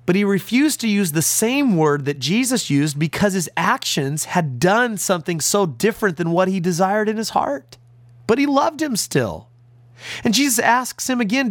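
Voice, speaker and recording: Male pastor, radio sermon, earnest, emphatic, very expressive pitch, dry close mic. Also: normal speed, dry recording. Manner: earnest, emphatic, stresses key words. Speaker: pastor and radio Bible teacher.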